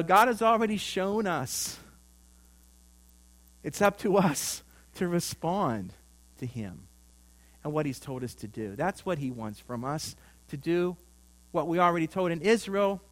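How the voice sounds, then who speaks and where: Preacher, male, slightly high voice, storytelling sermon delivery, light mains hum. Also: lively intonation, a little slow, pauses often, fairly bright tone. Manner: storytelling, rising and falling emphasis.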